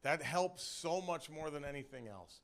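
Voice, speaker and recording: A man's voice: a little high, expressive, normal speed, a bit bright, slight background noise. A man, a stand-up comedian, telling his own story on a comedy club stage in a loose, conversational way full of "like" and "you know".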